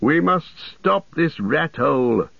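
A man's voice: fairly high pitch, animated, slow, vocal fry, no echo, pitched above the performer's own voice, full character voice. A man voicing an old male castle defender who calls out urgently, over a tinny radio-like sound. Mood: urging. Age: older. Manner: urgent calling.

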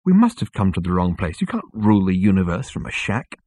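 A man voicing a curious, skeptical young woman who speaks high, quick and incredulous. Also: big pitch swings, darkish tone, husky, dry recording, studio quality, heavily acted.

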